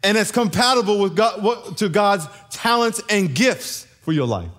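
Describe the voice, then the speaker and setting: A man preaching a sermon as pastor, animated and storytelling, chuckling often. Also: high-pitched, normal speed. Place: large church.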